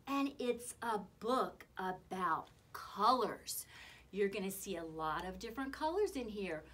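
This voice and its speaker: A woman leading a children's story time, singing and talking slowly in an exaggerated, sing-song way. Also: medium pitch, a bit bright, breathy edge. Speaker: children's librarian.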